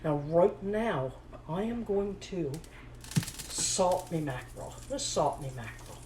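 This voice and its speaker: A woman chatting casually as she cooks in her home kitchen, repeating her phrases and talking to herself in a slightly hushed voice. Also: animated, takes it slowly, noisy background. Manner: talking a little low and hushed. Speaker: home cooking vlogger. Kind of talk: casual cooking chat to camera. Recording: home kitchen recording, audible pan sizzle. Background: frying pan sizzling.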